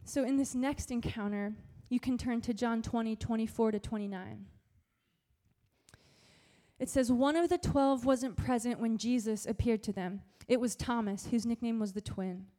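High-voiced young woman preaching. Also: moderate pace. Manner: animated storytelling, casual slang. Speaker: youth pastor. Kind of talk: sermon.

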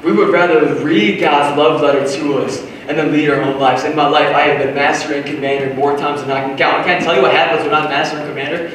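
Animated male preacher in an echoey hall. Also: fairly high pitch, fast talker, few pauses, distant mic. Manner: animated, swings from shouting to hushed asides. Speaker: pastor. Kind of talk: sermon.

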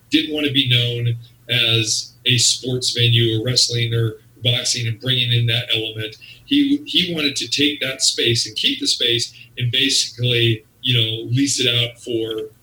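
A man's voice: medium pitch, pushed and bright, distant mic, a little hiss or hum. A man being interviewed, telling stories in a rambling way full of "you know" and "again". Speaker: guest. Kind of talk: casual storytelling. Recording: echoey room, off-mic.

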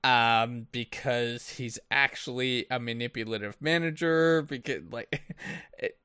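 A man's voice: medium pitch, steady tone, sharp tone, clean tone, no room sound, studio quality. A man co-hosting a podcast, thinking aloud in casual chat, asking questions and summing things up. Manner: slow, thinking aloud, asks questions and sums up. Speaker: podcast co-host.

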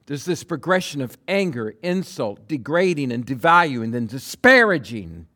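A man preaching a sermon, acting out quotes with big swings from loud bursts to hushed lines. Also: a little high, sing-song, normal speed. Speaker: pastor.

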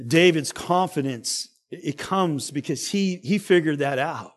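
High-voiced, slow-preaching male pastor. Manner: dramatic, swings between loud emphasis and quiet asides. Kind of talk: sermon.

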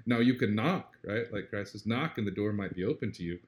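A man being interviewed, talking in an earnest, reflective way. He often checks in with "right?" and grows animated when he retells a story. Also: fairly low pitch, fairly quick. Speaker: interview guest. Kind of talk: casual conversational interview.

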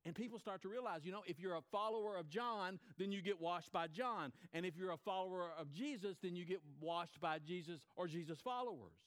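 Animated storytelling preacher, man. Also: high-pitched, brisk, hardly any pauses. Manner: storytelling, repeats phrases, acts out quotes. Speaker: pastor. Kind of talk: sermon.

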